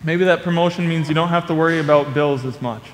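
A young man preaching a sermon with a slightly high voice, telling stories in a relaxed, conversational way and acting out lively quotes. His voice carries a long reverb, as in a large hall. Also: fast talker. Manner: conversational storytelling with playful acted quotes.

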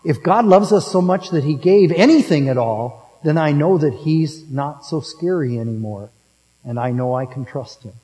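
A man's voice: on the high side, animated, moderate pace, dark tone, big-room sound, close to an everyday voice, low-quality recording. A preacher voicing an earnest, trusting young girl.

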